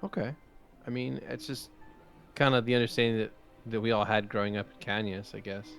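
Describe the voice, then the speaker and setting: A man's voice: fairly low pitch, steady tone, fairly quick, creaky, soft background music. A young man in a tabletop game session, talking casually in character with lots of fillers. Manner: casual, filler-heavy, rambling. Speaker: player.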